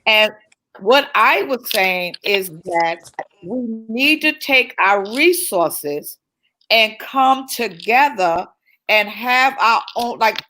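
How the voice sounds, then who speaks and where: A woman's voice: medium pitch, expressive, slow pace, pushed and bright, low-quality recording. A woman minister speaking fervently in a church-style talk, repeating phrases for emphasis.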